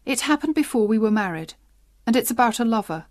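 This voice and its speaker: A woman's voice: fairly high pitch, expressive, quick pace, close to an everyday voice. A woman reading the part of a young wife, a schoolteacher, who anxiously confesses a secret.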